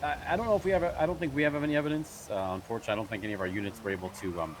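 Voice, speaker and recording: Man, police captain voice, fast, firm, restarts often, mid pitch, faint hum behind. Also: steady tone. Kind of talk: in-character roleplay conversation.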